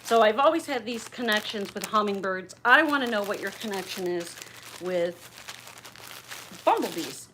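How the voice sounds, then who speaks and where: A woman's voice: medium pitch, lively intonation, normal speed, a bit bright, a little hiss or hum. A middle-aged woman chatting on a livestream as she opens gifts, gushing, bubbly and a little raunchy. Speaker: livestream host opening gifts.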